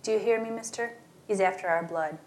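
A woman voicing a distraught, frantic young woman who pleads in a rising, high pitch. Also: a little fast, darkish tone, natural voice. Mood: pleading.

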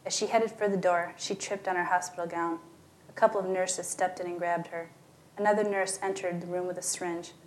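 A woman's voice: fairly even intonation, fairly quick, a little hiss or hum. Woman reading a story aloud. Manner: reads dialogue with shifting pitch and volume. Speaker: narrator.

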